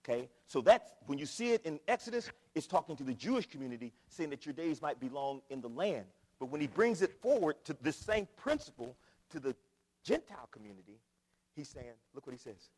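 Male preacher, fairly high voice, big swings loud to soft, echoey hall. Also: very animated, a little fast, husky. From Akron, Ohio. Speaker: pastor. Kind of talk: sermon.

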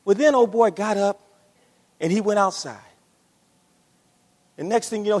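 In a large hall with long reverb, a male pastor delivers a passionate sermon in a high voice with a darkish tone and a breathy edge. He repeats his phrases and acts out the voices he quotes.

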